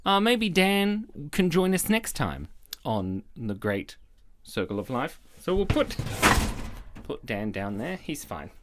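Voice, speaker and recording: A man's voice: fairly high pitch, big pitch swings, takes it slowly, background noise. A man in his thirties from Australia hosting a comedy vlog, playful and self-mocking and often laughing. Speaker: comedy YouTuber host.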